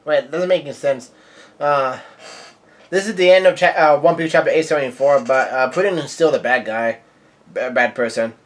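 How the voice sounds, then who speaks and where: A man's voice: mid-range voice, normal speed. A man casually reading comic dialogue aloud, often stumbling and correcting himself, with surprised outbursts. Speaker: manga reaction reader.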